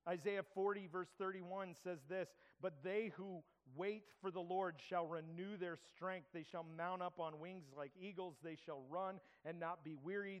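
A man preaching a sermon, telling a story in a conversational way with stumbling restarts, then dropping to hushed tones to pray. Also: a little high, long reverb tail, rough recording. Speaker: pastor. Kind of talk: sermon with anecdote and prayer.

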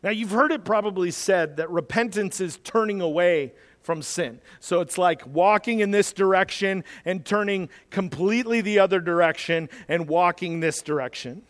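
A man's voice: sits high, normal speed, few pauses. A man preaching a sermon as a pastor, talking conversationally and then building to urgent exhortation, in a church. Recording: long hall reverb.

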